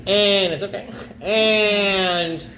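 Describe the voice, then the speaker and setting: A man's voice: high-pitched, fairly even intonation, very slow, sharp tone. A male rabbi telling a story as a casual, chatty lesson, with slang and frequent "okay?". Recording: echoey room, faint background noise.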